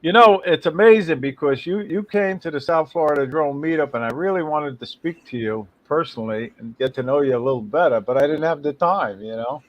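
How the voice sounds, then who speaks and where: A man's voice: a little high, fairly quick, few pauses, highs cut off. A man hosting a casual livestream and greeting viewers by name. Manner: reads out viewer names and greets them one by one. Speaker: livestream host.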